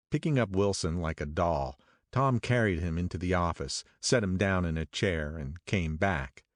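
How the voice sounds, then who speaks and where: A man narrating an audiobook in a measured, steady first-person reading. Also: low voice, no echo, studio quality.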